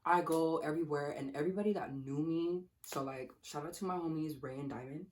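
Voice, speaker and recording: A woman's voice: low-pitched, a little fast, a little hiss or hum. A young woman vlogger telling a story casually while eating, swearing a lot and acting out what people said. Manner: profane, animated, acts out quotes.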